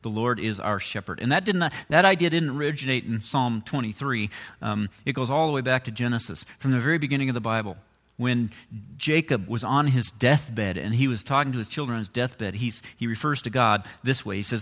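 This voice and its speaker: Male pastor, sermon delivery, conversational with emphatic peaks, medium pitch, church-hall reverb. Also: a little fast. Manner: conversational preaching, animated swings with emphatic rises.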